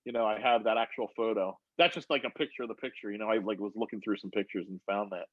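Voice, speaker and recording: A man with a fairly low voice talks fast as he animatedly tells a rambling, profane story during a casual video call on his phone. The audio is dry, narrow, and tinny.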